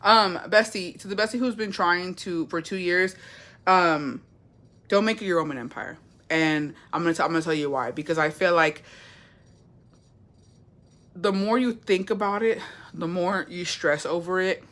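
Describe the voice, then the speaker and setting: Bright-voiced, profane woman chatting with viewers. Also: fairly low pitch, moderate pace, long pauses. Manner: blunt, profane, playful, calls viewers bestie. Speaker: livestream host reading viewer comments. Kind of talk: casual chat.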